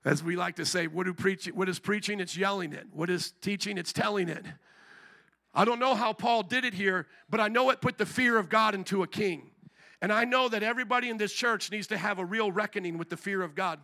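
Man, pastor, sermon, high voice, piercing bright tone, rhetorical questions. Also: fairly quick. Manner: preaching with rising intensity, repetitive rhetorical questions.

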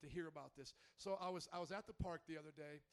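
A man in his thirties preaching a sermon in church, swinging from soft, choked-up storytelling to loud, shouted exhortation. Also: quick pace. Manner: preaching with big emotional swings, shouting high when fired up. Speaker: pastor. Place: church sanctuary.

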